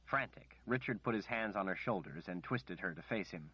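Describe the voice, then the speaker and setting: A man narrating an audiobook in a measured, steady storytelling manner. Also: deep voice, breathy edge, no room sound. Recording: dry, slightly muffled recording.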